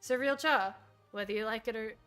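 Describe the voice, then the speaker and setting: A woman streaming a game, chatting in an excitable, giggly and self-mocking way. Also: fairly high pitch, brisk, faint music behind. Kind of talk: live gameplay commentary.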